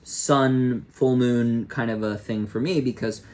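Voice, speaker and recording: A man's voice: mid-range voice, fairly even intonation, slow pace, darkish tone, a little hiss or hum. Young male astrologer, loose and jokey, talks to himself, mid-range voice, casual stream. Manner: rambling, self-talking, jokey. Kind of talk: casual live-stream chat.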